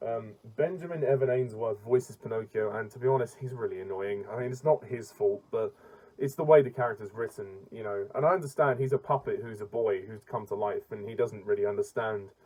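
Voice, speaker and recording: A man in a casual film-review rant, mellow and warm in tone, blunt and exasperated as he trips over his words and starts again. His pitch sits at an ordinary middle height for a man. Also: poor audio. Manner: blunt and exasperated, with frequent restarts and stumbles.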